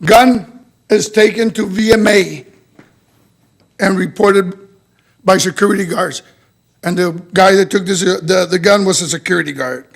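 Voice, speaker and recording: A man's voice: sits high, vocal fry. A man speaking in public comment at a school board meeting, listing complaints in short clipped statements.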